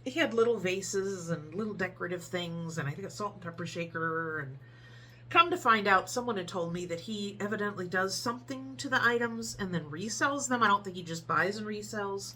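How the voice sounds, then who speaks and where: A woman telling a story casually in a vlog, animated and acting out the people in it. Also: mid-range voice, fairly quick. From Ohio, USA.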